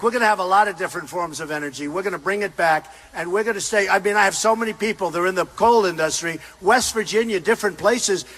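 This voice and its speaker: An older man delivers a campaign rally speech on a stage microphone in a large arena. His voice is fairly high and sharply bright, and he pushes it into shouts. His phrases are short, repeated and emphatic. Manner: repetitive, emphatic, often shouting to a crowd. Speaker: political candidate at a rally.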